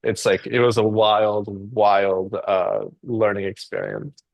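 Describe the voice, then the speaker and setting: A man who is a guest in a casual conversation, telling a story in an animated way. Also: lowish voice, slow, gravelly, no echo.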